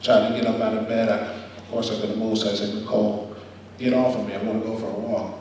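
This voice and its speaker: A young man with a somewhat low voice tells a personal story as a guest speaker, acting out the quoted lines with energy. He sounds far from the mic, and his voice rings in a large hall with a long reverb. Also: flat delivery, quick pace, darkish tone, a little hiss or hum. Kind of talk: motivational storytelling speech.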